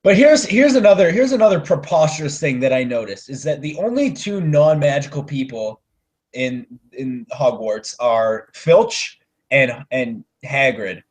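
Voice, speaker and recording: A young man co-hosting a casual movie podcast, ranting and swearing as his volume swings from loud to mumbled. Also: mid-range voice, lively intonation, a little slow. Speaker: podcast co-host.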